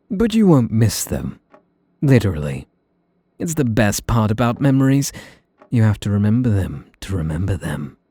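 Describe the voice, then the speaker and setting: A man's voice: lowish voice, no room sound, full character voice. A man playing a sweetly menacing British mage. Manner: soft, teasing, condescending, coaxing. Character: possessive young male mage, sweetly menacing. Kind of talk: ASMR role-play.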